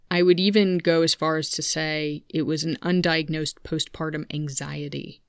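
A woman's voice: deep voice, smooth, dry recording, clean studio sound. A woman in her thirties hosting her own podcast, talking candidly and chatting with asides to her listeners, recorded on a microphone at a home computer. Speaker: podcast host. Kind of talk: personal podcast monologue. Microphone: studio microphone at a home computer.

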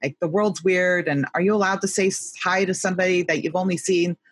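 Casual host, self-deprecating, husky breathy voice, dry close recording. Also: medium pitch, steady tone, a little fast, no echo. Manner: loose, self-deprecating, trailing phrases. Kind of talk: casual chat.

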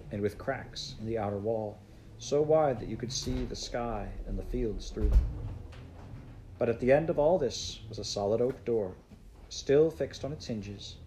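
A man reading a classic children's storybook aloud in a measured, unhurried way. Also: mid-range voice, warm tone, slight background noise, rough recording. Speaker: audiobook narrator.

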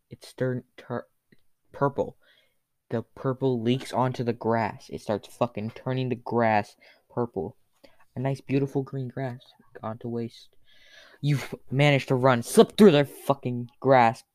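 A man's voice: medium pitch, darkish tone, no echo. Young man, absurd crude comic storytelling, cursing, self-correcting, dry close sound.

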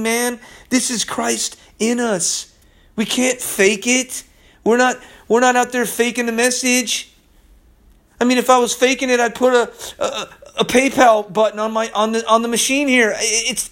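High-voiced impassioned male preacher. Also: steady tone, moderate pace, a bit bright. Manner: urgent, repeats "listen"; impassioned, pleading. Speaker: podcast preacher. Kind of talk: sermon.

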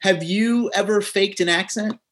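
A man's voice: high voice, moderate pace. A man from New Jersey co-hosting a podcast, telling stories in a playful, chatty way. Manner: playful, animated storytelling with laughs. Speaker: podcast co-host. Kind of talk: casual podcast chat.

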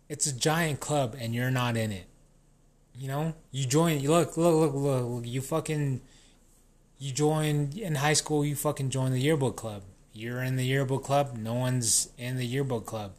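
A man's voice: medium pitch, measured pace, a little mellow. A man in a casual, rambling rant, swearing constantly and restarting his sentences. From New Mexico.

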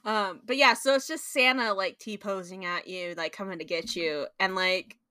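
A woman's voice: mid-range voice, fairly even intonation, normal speed, bright, forceful tone, no room sound, studio quality. A young woman co-hosting a podcast, chatting casually and telling stories animatedly with playful sound effects and laughter. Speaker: podcast co-host. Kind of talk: casual chat.

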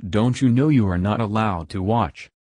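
A man's voice: fairly low pitch, normal speed, a little mellow, husky, dry recording. A man reading a stern creator spirit. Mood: angry. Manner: commanding and scolding. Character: stern, angry male Great Spirit and maker of all things.

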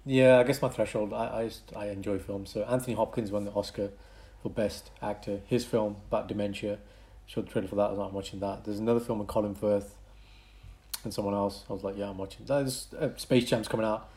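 Animated man chatting on a podcast. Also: fairly low pitch. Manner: animated, swings loud and soft, quick bursts. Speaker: podcast co-host. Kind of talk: casual podcast chat.

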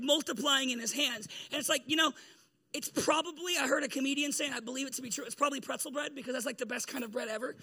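A man with an unusually high voice and a strikingly bright, sharp tone preaches a loose, humorous sermon. He tells the story in a chatty, joking way and laughs often as he goes. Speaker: pastor.

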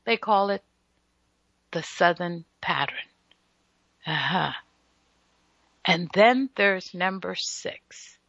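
A woman's voice: lowish voice, takes it slowly, creaky, long pauses, a bit bright, no echo. A woman hosting a solo radio health talk, lecturing listeners with emphatic, teasing asides. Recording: dull lo-fi radio broadcast audio.

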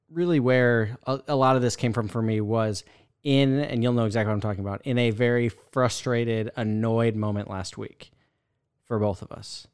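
A man in his thirties talks things through with his co-host in a loose, rambling way, often restarting his sentences. His voice is smooth and clear and sits at an average pitch. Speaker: podcast co-host. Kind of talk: casual chat.

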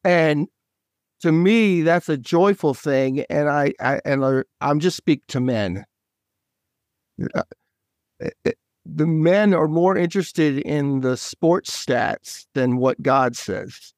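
A man's voice: a little high, expressive, slow, no echo, studio quality. A man, a guest author, in casual faith talk, speaking eagerly and in scattered bursts with many restarts.

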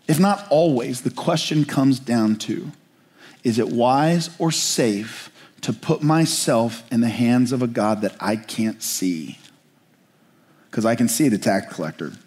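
Slow, pleading questions alternate with quicker explanations as a man preaches a passionate, searching sermon from the pulpit. His voice is medium in pitch with a dark tone.

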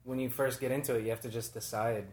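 A man's voice: mid-range voice, fairly even intonation, fast talker, darkish tone. A man in casual chat, laid-back and teasing, swearing offhandedly. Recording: roomy echo.

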